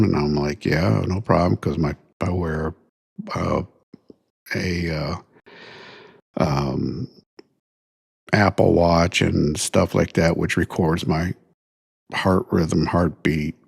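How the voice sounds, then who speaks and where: A man's voice: sits low, vocal fry, breathy edge. A middle-aged man, tired and sore after surgery, casually recounting events as a podcast host with lots of fillers. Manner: rambling, many fillers, retells dialogue. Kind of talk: casual first-person storytelling.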